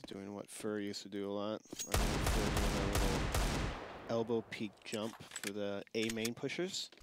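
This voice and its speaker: A man's voice: lowish voice, little pitch movement, normal speed. Jokey male esports caster, noisy feed. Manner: joking, laughs often. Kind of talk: casual esports commentary.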